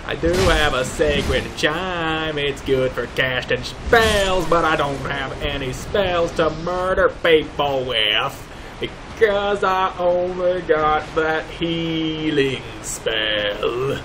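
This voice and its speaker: A young man giving let's play commentary, mock-pompous and swearing, shouting insults at enemies. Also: on the high side, slow, background noise. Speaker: gaming YouTuber.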